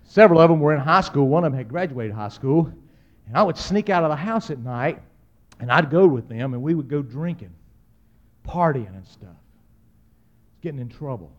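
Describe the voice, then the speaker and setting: A middle-aged man preaching a humorous storytelling sermon, swinging dramatically between loud outbursts and hushed asides. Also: fairly high pitch, expressive, moderate pace, pauses often, lo-fi sound.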